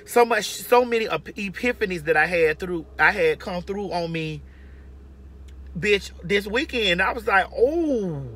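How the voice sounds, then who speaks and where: A woman's voice: medium pitch, measured pace, a bit bright, slight background noise. A woman giving brash, profane, emphatic advice in a casual monologue from her car. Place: inside a parked or moving car.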